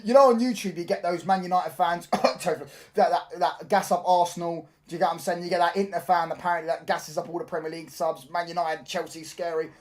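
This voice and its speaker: A young man from hosts a casual football live stream. He talks in an animated, slangy way and keeps asking whether his chat gets what he means. His voice sits a little on the high side. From London. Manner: animated, slangy, repeats "do you get what I'm saying".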